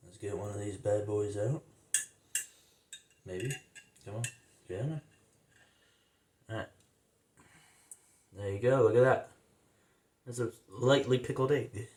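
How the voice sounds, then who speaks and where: A man's voice: fairly low pitch, slow pace, long pauses. Slangy man rambling in an echoey kitchen. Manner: rambling, slangy and self-amused. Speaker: cooking vlogger. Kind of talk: casual cooking vlog. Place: home kitchen. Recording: echoey room, faint noise.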